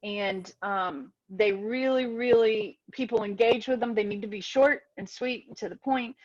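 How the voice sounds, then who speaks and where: A woman's voice: mid-range voice, a little slow, darkish tone. A woman talks casually as host of an online session, heard over a video call. Her voice comes through a little dull and lo-fi. She rambles and restarts herself as she goes. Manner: chatty, loses track and restarts. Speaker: webinar host.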